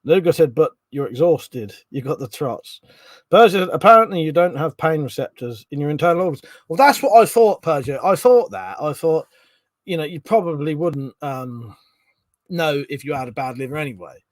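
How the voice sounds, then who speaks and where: A man's voice: on the high side, expressive, normal speed, dry recording. A middle-aged man hosting a casual live stream, swearing freely, laughing often and chatting about viewers' comments.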